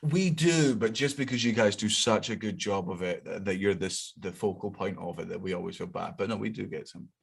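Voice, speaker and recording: A Scottish man with a low, deep voice talks as a comedian guest in a loose, lively conversation. He laughs readily and swears without a second thought. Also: brisk, creaky, hardly any pauses, slightly rough. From Scotland. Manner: animated, laughs often, swears freely. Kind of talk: casual chat.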